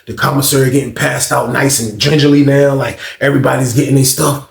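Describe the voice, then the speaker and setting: A man telling a casual storytime monologue to his viewers in an animated, slangy way, acting out what others said in raised voices. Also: mid-range voice, a little fast, creaky, reverberant.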